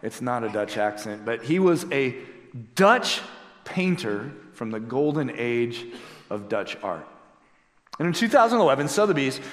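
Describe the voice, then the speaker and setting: A middle-aged man preaching a sermon as a pastor, telling stories with emphatic delivery. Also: mid-range voice. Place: church sanctuary. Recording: echoey hall with long reverb.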